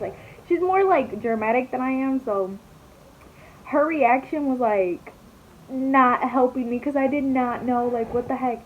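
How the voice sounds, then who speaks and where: A woman's voice: high-pitched, unhurried. A young woman vlogger telling a story in a chatty, dramatic way, swearing and saying "like" a lot while she does her makeup. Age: young adult. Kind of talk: casual storytelling vlog. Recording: slightly dull recording, faint hiss.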